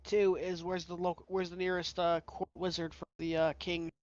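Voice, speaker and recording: A man playing a tabletop game, asking casual, halting questions. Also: high-pitched, flat delivery, dry recording. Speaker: player. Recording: dull lo-fi audio.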